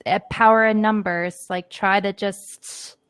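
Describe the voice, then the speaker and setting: Gravelly earnest woman guest. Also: mid-range voice, fairly even intonation, measured pace, no room sound. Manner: earnest, reassuring, filler-heavy. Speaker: guest, podcaster. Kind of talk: casual panel conversation.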